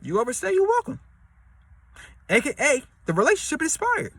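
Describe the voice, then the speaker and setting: A man with a high, bright voice talks, rambling and repeating himself as he hands out relationship advice. His speech is loose and full of slang. It sounds dry and close, with no room echo. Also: wildly swooping pitch, fast, breathy edge. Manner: slangy, repetitive, street-talk delivery; acts out quoted voices in a high pitch. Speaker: advice vlogger. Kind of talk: casual advice monologue.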